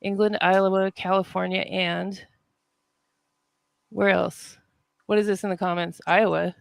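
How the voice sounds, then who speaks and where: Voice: mid-range voice, little pitch movement, a little slow, gravelly, clean tone, dry recording. A podcast host running a casual interview, laid-back and upbeat, greeting listeners with hype.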